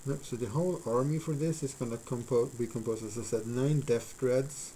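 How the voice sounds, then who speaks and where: A man on a live stream talks his viewers through building a model, his voice sitting at an ordinary middle pitch. He rambles and thinks aloud, filling gaps with ums and uhs. A faint noise runs under his voice. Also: fairly even intonation, moderate pace, warm tone, low-quality recording. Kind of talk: casual live-stream chat while crafting.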